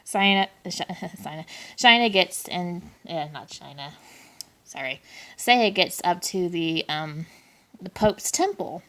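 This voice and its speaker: A woman's voice: lowish voice, animated, takes it slowly, a bit bright. A woman giving a casual, rambling plot recap as an anime reviewer, often correcting herself.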